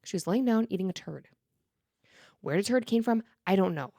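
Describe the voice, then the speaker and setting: A woman co-hosting a podcast, chatting casually and telling lively stories with laughs and loud outbursts. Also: mid-range voice, normal speed, gravelly, no room sound, clean studio sound. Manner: animated storyteller, loud and laughing. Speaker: podcast co-host. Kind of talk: casual chat.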